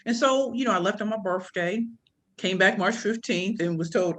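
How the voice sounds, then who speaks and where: A woman, a podcast guest telling her life story in a casual, animated and slangy way, often voicing the people she quotes. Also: medium pitch, moderate pace. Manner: animated, slangy, quoting others in voices. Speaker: podcast guest, pitch coach and speaker.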